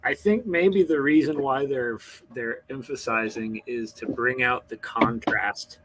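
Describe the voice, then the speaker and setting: A man's voice: medium pitch, a little slow, fairly bright tone, low-quality recording. A man co-hosting a live grammar lesson, chiming in with casual comments.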